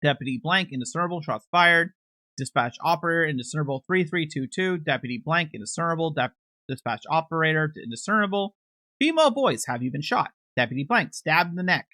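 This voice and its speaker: A man's voice: a little high, lively intonation, fairly quick, sharp tone, dry recording. A man hosting a true crime channel, reading court transcripts aloud in a matter-of-fact way, announcing each speaker's label and adding his own comments.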